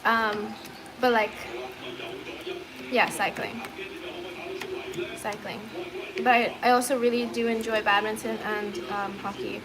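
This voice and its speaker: A woman with a slightly high voice chats casually on a livestream, giggling often and filling gaps with "um" and "like." Crowd chatter hums clearly behind her. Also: level tone, slow pace, long pauses, poor audio. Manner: giggly, chatty, many fillers.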